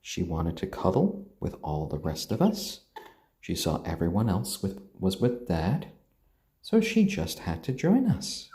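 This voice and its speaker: A man with a mixed British and American accent, chatting gently on a live stream and cooing to his pets. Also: deep voice, wildly swooping pitch, a little slow, roomy sound. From born in Tokyo, raised British and American. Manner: gentle, soft-spoken, coos at pets. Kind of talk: casual live-stream chat.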